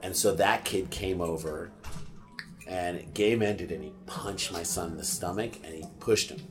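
A middle-aged man, a podcast guest, telling a personal story in casual chat, animated and swearing freely, acting out what people said. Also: deep voice, a little slow, music in the background.

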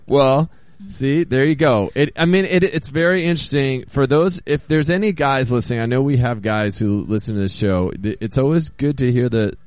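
Mid-pitched man hosting a radio chat. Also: moderate pace, few pauses, darkish tone, no echo. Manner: reads listener texts and jokes aloud, with frequent "uh-huh" and "um". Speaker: radio show host.

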